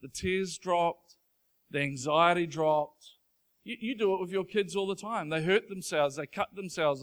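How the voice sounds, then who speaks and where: A man's voice: high voice, fairly bright tone. A man preaching a sermon from a church stage, conversational and earnest, rising to emphatic passages. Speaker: pastor. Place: church stage before a congregation.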